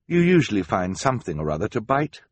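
A man's voice: lowish voice, big pitch swings, quick pace, muffled recording, a little hiss or hum. A man voicing a resourceful teenage girl inventor, the eldest sister, earnest, practical and encouraging.

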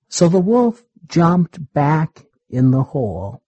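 A man reading a children's story aloud in a deliberate, simple way. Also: fairly high pitch, very animated, mellow, husky, no room sound, muffled recording. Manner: slow, deliberate, repetitive phrasing.

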